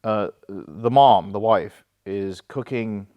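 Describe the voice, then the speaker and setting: A man's voice: lowish voice, slow pace, dry recording, dull audio. A man hosting a casual film discussion, talking in a wry, joking way with frequent restarts. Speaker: host.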